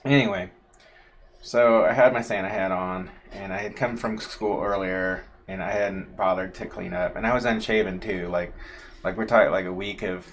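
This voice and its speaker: A man's voice: low voice, fairly even intonation, moderate pace, slight background noise. A man telling a long, casual story on a livestream, full of fillers and asides. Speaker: co-host, husband of the host.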